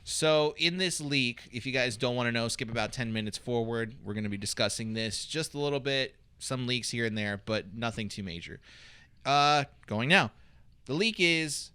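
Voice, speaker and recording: A man's voice: medium pitch, lively intonation, moderate pace, pushed and bright, clear, resonant tone. A man hosting a podcast in casual chat, steering the conversation and moving topics along. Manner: steers the talk, moves things along. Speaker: podcast host.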